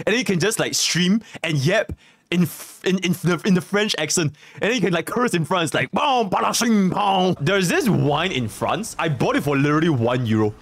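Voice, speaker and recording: Lively young male streamer, rambling banter. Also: fairly high pitch, fairly quick. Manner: rambling, joking, bursts of loud laughter. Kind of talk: casual stream chat.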